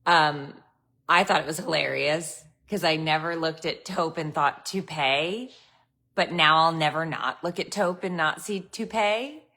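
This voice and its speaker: Woman, host, casual storytelling, chatty, laughs a lot, lowish voice. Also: measured pace, bright, forceful tone.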